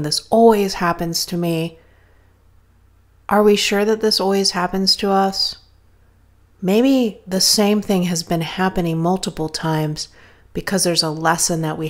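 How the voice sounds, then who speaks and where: A woman hosting a motivational podcast, talking casually and often checking in with "right?". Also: fairly low pitch. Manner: conversational, frequent "right?" tags. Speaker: podcast host, health coach.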